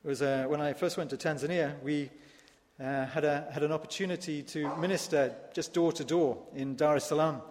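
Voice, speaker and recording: A man, a pastor from the United Kingdom, preaching a sermon in a church, animated and emphatic with wry asides. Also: on the high side, brisk, big-room sound, slight background noise.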